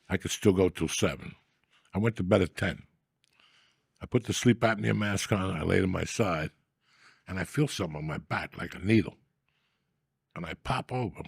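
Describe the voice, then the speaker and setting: A middle-aged man hosting a podcast, talking in a rambling, profane, mock-gruff comic style. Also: low-pitched, no room sound, clean studio sound. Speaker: podcast host. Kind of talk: casual comedic rant.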